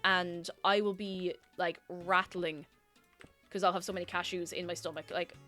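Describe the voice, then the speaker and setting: A livestreamer with a fairly low, flat voice reads viewer messages at normal speed, her delivery pushed and bright over soft background music. She chats casually, rambling, giggling and poking fun at herself.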